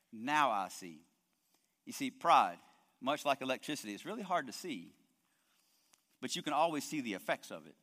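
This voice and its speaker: A man's voice: fairly high pitch, a bit bright. A male pastor preaching a sermon with emphasis, often repeating words as he builds his points. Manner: emphatic preaching with frequent word repetitions. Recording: long hall reverb.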